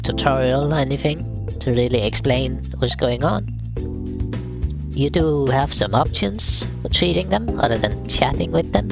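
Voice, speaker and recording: A man streaming a game live, with casual, wry, rambling commentary. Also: medium pitch.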